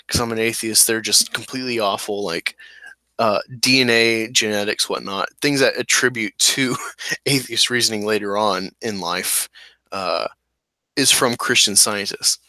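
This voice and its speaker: Bright-voiced young man host. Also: lowish voice, no echo, rough recording. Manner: rambling, many fillers and restarts. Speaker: channel host. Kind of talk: casual livestream chat.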